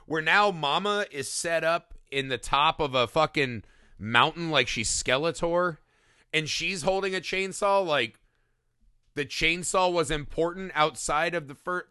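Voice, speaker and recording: A man's voice: fairly high pitch, unhurried, bright, forceful tone, smooth, dry recording, clean studio sound. A man co-hosting a movie podcast, chatting casually and rambling, swearing freely as he acts out little scenes. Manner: rambling, profane, acts out silly voices in his stories. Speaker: podcast co-host. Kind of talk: casual movie-review chat.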